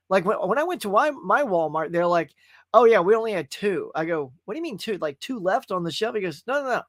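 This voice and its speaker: A man's voice: high-pitched, fairly bright tone, no echo, clean studio sound. Folksy man hosting a live movie stream. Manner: chatty and folksy, often calls viewers "y'all". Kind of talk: casual livestream chat with viewers.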